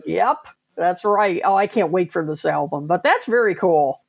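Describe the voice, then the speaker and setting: A woman with a low, gravelly voice chats eagerly about old records. She reacts quickly, and the sound is dry and close. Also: expressive, no room sound. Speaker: podcast co-host. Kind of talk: casual chat about music charts.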